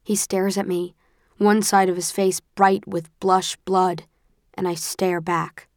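Lady reading a first person audiobook, lowish voice, dry sound, tense expressive telling. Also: slow pace, dry recording. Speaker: audiobook narrator.

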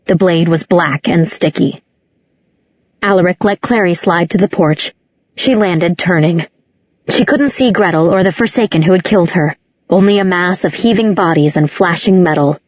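Husky-voiced woman narrating a dark fantasy book. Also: fairly low pitch, moderate pace, no room sound. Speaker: audiobook narrator. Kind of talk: scripted storybook narration. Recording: dull lo-fi audiobook recording.

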